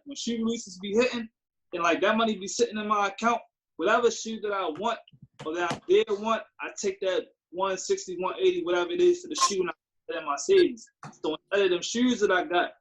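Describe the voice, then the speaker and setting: A young man with a fairly high voice chats on a podcast, easygoing and agreeable. He works through his point in loose slang, repeating himself as he goes. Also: rough recording. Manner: relaxed, agreeable, explains with slang. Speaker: podcast co-host. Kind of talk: casual chat.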